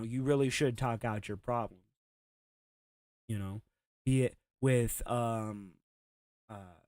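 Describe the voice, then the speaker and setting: A man's voice: mid-range voice, dry recording, clean studio sound. A man hosting a reaction commentary show, talking bluntly and mockingly with plenty of swearing. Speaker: commentary host.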